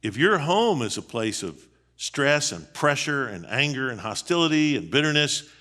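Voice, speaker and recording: A man's voice: mid-range voice, sing-song, normal speed, bright, forceful tone. A middle-aged man, a seminary dean, giving a conversational sermon on marriage in a folksy, emphatic way full of rhetorical questions. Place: church.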